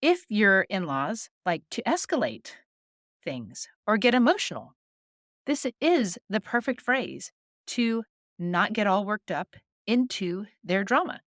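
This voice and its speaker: A woman hosting an advice podcast, calmly coaching listeners and modeling short, firm replies to say. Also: medium pitch, takes it slowly, dry recording, clean studio sound. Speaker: podcast host.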